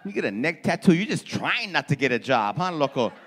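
A stand-up comic, brash and profane as he razzes the front row. His voice sits high and swings widely in pitch. Faint room ambience hangs behind him on the club mic. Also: sing-song, fairly quick, fairly bright tone, slight background noise. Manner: brash, profane, teasing the crowd. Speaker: stand-up comedian. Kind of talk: stand-up crowd work. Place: comedy club before a laughing audience.

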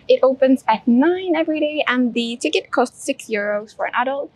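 A woman narrating a casual travel vlog while walking around a city, relaxed, with plenty of ums and uhs. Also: sits high, normal speed, husky, no room sound. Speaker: travel vlogger. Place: outdoors in a city.

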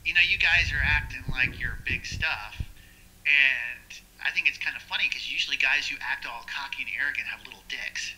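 A man's voice: mid-range voice, moderate pace, bright, forceful tone, poor audio. A young man, a podcast guest, telling a crude, boastful story in casual chat and acting out the quotes.

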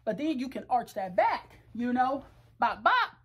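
High-voiced woman, super animated bawdy bedroom chat to cam, jokes a lot. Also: normal speed, breathy edge. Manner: frank, bawdy, laughing and joking. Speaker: vlogger. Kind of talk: casual chat to camera. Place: her bedroom.

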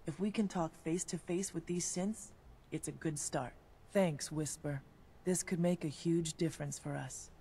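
An eager underground agent in a video game. She talks in a brisk, businesslike way in a lowish voice. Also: dark tone. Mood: earnest.

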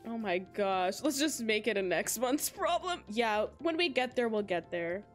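A woman's voice: a little high, expressive, measured pace, faint music behind. A woman of twenty-five hosting a casual gaming livestream, chatty and giggly as she talks straight to her chat on a close mic. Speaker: livestream host.

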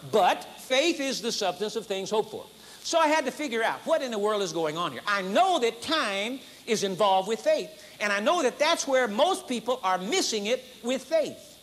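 A man preaching an emphatic, repetitive sermon at a conference, building to high exclamations. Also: fairly bright tone. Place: conference hall.

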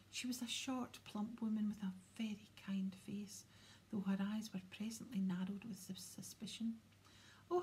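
A woman reading a children's novel aloud in a soft, half-whispered storytelling manner. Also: mid-range voice, slight background noise. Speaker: audiobook reader. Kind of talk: storybook narration.

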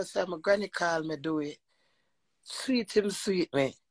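A woman with a Jamaican accent telling a personal story in an animated monologue, emphatic and profane, often slipping into quoted speech. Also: lowish voice, no room sound, low-quality recording. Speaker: vlogger.

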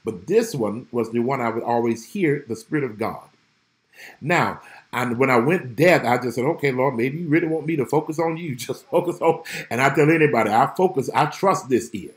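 A man preaching a livestreamed Bible study sermon, repeating key phrases with emphasis and greeting viewers by name. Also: mid-range voice. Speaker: pastor.

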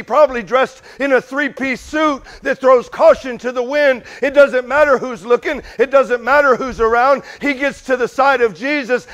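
With a very high voice and dull-sounding audio, a man delivers a sermon conversationally, questioning his congregation often and moving between loud, urgent bursts and quiet asides.

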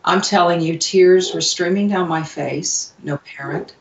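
A woman speaks slowly and earnestly, pausing and restarting often as she tells her story. Her voice has a gravelly, fry-tinged edge. She sounds distant in an echoey room, and the recording is dull and lo-fi. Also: lowish voice. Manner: earnest, halting, many fillers and restarts. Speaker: radio show guest. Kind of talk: personal storytelling in an interview.

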